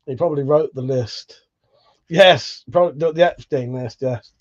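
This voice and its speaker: British male streamer, casual, swears a lot, slightly high voice. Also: normal speed, dull audio. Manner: laid-back, swears freely, chuckles often. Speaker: livestream host. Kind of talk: casual live chat, reading out viewer comments.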